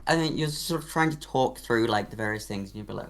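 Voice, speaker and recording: Game master narrating, gravelly voice, loose rambling delivery. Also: medium pitch, expressive, fast.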